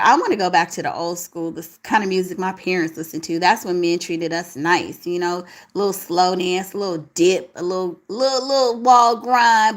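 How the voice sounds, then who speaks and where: A young woman hosting a late-night livestream, chatting casually and reading viewer comments, sleepy, with a tired, crackling voice and slangy talk, home alone. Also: on the low side. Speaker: livestream host.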